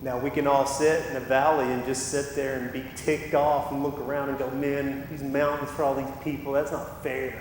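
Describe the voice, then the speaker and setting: A man's voice: flat delivery, normal speed, hardly any pauses. A man preaching a sermon as pastor, impassioned and given to acting out what people say. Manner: impassioned, acts out quoted voices. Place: church sanctuary. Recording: echoey church hall with rumble.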